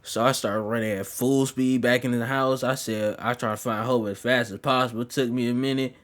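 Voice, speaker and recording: A man's voice: medium pitch, fairly even intonation, brisk. A young man casually telling a story, slangy and profane, rambling along.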